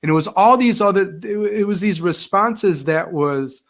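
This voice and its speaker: With a high-pitched voice at a moderate pace, a middle-aged man who used to teach shares casual stories as an interview guest. He tells them in an animated way, performing the voices of the people he quotes.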